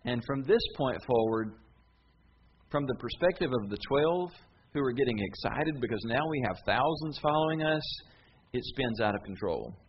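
A man's voice: medium pitch, muffled recording, slight background noise. A man preaching a sermon, retelling a story in a folksy, conversational way. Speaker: pastor.

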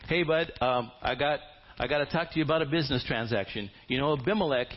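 A man's voice: medium pitch, fast talker, voice pushed up, close to an everyday voice. A man voicing an older, humble and gracious landowner who gushes with praise, on a dull lo-fi recording. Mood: businesslike.

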